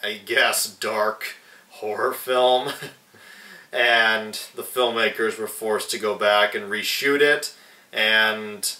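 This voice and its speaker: Slow and unhurried, a young man rambles through a casual vlog movie review, swearing and restarting often. His fairly low, steady voice comes across bright and forceful. The mic is distant in an echoey room, so he sounds set back.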